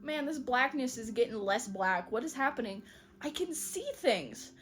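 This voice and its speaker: Woman as a confused young tomcat, high voice. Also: lively intonation, moderate pace, a little hiss or hum, natural voice. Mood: amazed. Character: bewildered young male cat seer.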